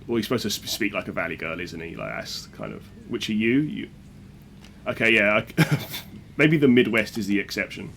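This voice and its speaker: A man's voice: lowish voice, lively intonation, normal speed, gravelly, a bit bright, slight background noise. A man streaming a speedrun, chatting and joking casually with his viewers. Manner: joking, chatty, reads chat aloud. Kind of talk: casual chat with viewers while playing.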